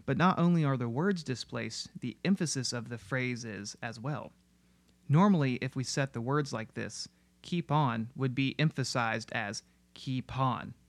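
A man giving scripted narration that explains music in an analytical, steady way. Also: mid-range voice, moderate pace, dry recording. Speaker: music video essayist.

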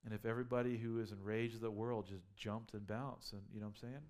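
A man's voice: on the low side, steady tone, fast talker, darkish tone. A man preaching a sermon as a pastor, conversational and full of rhetorical questions, building up to emphatic peaks.

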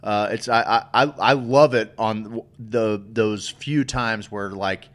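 A man's voice: on the low side, steady tone, measured pace, a bit bright. A man co-hosting a podcast in casual chat, rambling with frequent restarts and plenty of swearing. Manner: rambling, profane, restarts often. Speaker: podcast co-host.

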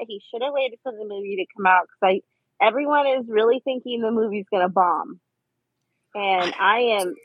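A woman co-hosting a podcast, excitable and full of loud exclamations, heard over tinny remote audio. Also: medium pitch, slightly rough, no room sound. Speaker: podcast co-host. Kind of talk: casual chat.

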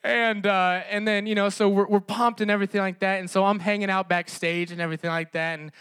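High-voiced preaching man, dry sound. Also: flat delivery, fast talker, a bit bright, clear, resonant tone, no room sound. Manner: impassioned, rhetorical repetition with frequent fillers. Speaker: pastor. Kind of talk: sermon.

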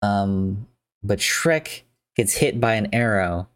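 A man's voice: fairly low pitch, takes it slowly, clean tone, no room sound. A man casually retelling a film's plot, chatty and rambling, with many fillers.

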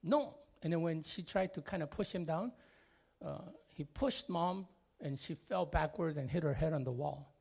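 A man from Korea speaking English, telling a personal family story. He talks expressively, jumping between loud and quiet, with many fillers. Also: on the high side, normal speed, vocal fry, husky.

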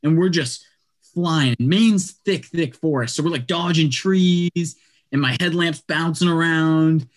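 A man telling a long story in casual chat, animated and acting out what people said, with lots of "like" and quick restarts. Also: a little high. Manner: animated, acts out quotes, lots of "like".

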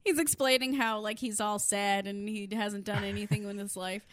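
A woman's voice: medium pitch, steady tone, moderate pace, no room sound. A young woman co-hosting a podcast, recapping a show in casual, profane chat and acting out the characters' lines. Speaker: podcast co-host.

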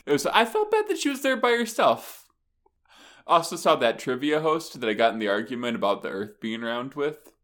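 Lively storytelling man, laughing often. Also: mid-range voice, moderate pace. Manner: animated storyteller, laughs often, acts out people. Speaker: podcast co-host. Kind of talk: casual chat.

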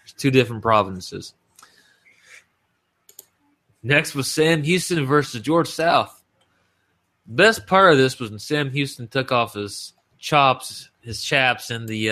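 A man's voice: mid-range voice, animated, measured pace, pushed and bright. A man co-hosting a podcast, giving a blunt, profanity-laced play-by-play recap of old wrestling matches in casual chat. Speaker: podcast co-host.

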